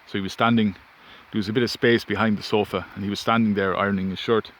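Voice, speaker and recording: A man vlogging outside tells a casual, meandering personal anecdote, cutting himself off along the way, recorded on a phone with faint wind and ambient noise. He talks fast in a lowish, flat, slightly bright voice.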